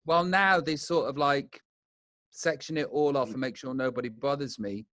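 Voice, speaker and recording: A man's voice: mid-range voice, normal speed, a bit bright, dry recording, clean studio sound. A man in his forties with an English accent, chatting casually and swearing freely as a guest over a video call. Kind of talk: casual chat.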